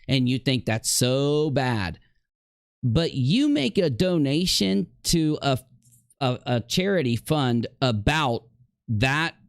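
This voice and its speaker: A man's voice: fairly high pitch, no echo, studio quality. A man streamer in a heated livestream rant, confrontationally addressing a rival directly.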